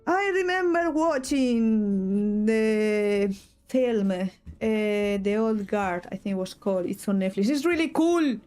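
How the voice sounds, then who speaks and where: A woman's voice: mid-range voice, slow, darkish tone, clear, resonant tone, soft background music. A young woman from Spain with a Spanish accent, chatting casually to her stream in English while she draws, rambling and breaking off mid-thought with little giggles. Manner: rambling, self-interrupting, giggly asides.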